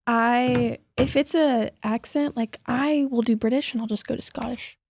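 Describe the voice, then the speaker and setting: A woman's voice: a little high, steady tone, normal speed, darkish tone, slight background noise. A young adult woman, an actress guest, talking thoughtfully and a little hesitantly in a casual podcast chat.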